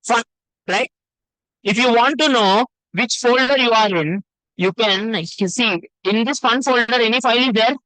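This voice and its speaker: Guy teaching code over a video call, bright voice, dry sound, says things twice. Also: very high-pitched, moderate pace, dry recording, low-quality recording. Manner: repetitive, addresses students as sir and ma. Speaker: coding teacher. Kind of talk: live online class.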